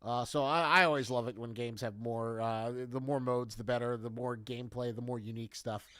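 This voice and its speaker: A man's voice: mid-range voice, fairly even intonation, a bit bright, dry recording. Guy rambling on a stream, lots of uhs and likes, dry close sound. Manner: chatty, halting, many fillers and restarts. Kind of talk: casual chat on a stream.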